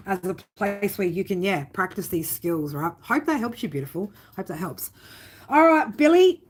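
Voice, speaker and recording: A woman doing a live tarot reading for viewers. She talks bluntly and warmly, swearing often and tagging lines with "right?". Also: lowish voice. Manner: blunt, swearing, fond tough-love talk with many "right?" tags. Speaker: tarot reader.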